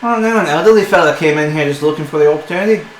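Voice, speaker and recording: A man voicing a rude, bossy female dwarf shopkeeper with a shrill, higher-pitched voice who curses at her customers. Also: very fast, close to an everyday voice. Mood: brusque. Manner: curses and snaps at people. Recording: echoey room with some noise.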